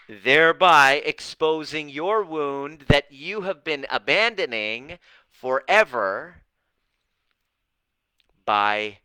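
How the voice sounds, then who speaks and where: A man coaching live viewers, telling stories with lively acted-out dialogue and casual swearing. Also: lowish voice, clean tone, no room sound, rough recording. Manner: animated storytelling, acts out dialogue, swears casually. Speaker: relationship coach. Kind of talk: live-stream coaching talk.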